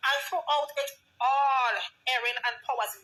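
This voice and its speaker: A woman's voice: high voice, steady tone, moderate pace, bright, forceful tone, poor audio. A young woman with a Vincentian accent, a dancehall artist, talking casually and emotionally to her fans, her voice breaking with tears and laughter. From Saint Vincent and the Grenadines.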